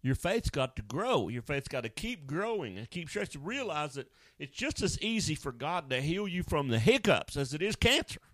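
A man preaching a sermon, animated, acting out Bible scenes and now and then jumping into high wailing voices. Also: normal speed, hardly any pauses, dry recording, clean studio sound.

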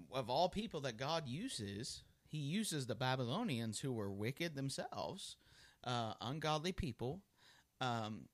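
A male pastor delivering a sermon in a relaxed, talky way, dotted with ums, uhs and self-corrections. His voice sits at an ordinary middle pitch for a man. The sound is dry and close, with no room echo. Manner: conversational preaching, many fillers and restarts.

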